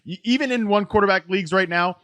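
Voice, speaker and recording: A man hosting a casual sports podcast, talking in quick bursts with frequent restarts and "right?" tags. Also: high voice, a bit bright, no echo. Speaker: podcast host. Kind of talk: casual fantasy football chat.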